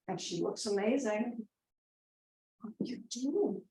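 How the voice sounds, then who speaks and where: An actress plays a rambling middle-aged mother giving a wedding toast in a comedic monologue, repeatedly breaking off to scold and coax her family. Her mid-range voice is expressive, slow and dark-toned, with a chatty mood, and the recording has a roomy echo.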